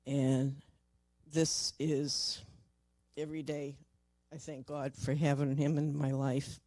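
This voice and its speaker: Older woman, mellow voice, halting emotional storyteller, dry close sound. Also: extremely low pitch, level tone, dry recording. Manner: halting, repeats words, voice drops soft in tender moments. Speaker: paranormal investigator.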